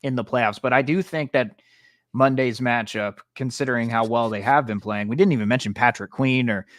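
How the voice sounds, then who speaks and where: A man's voice: medium pitch, brisk, a bit bright, no echo. A man co-hosting a podcast, chatting casually about sports in a laid-back, self-deprecating way, on a close podcast mic. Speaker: podcast co-host.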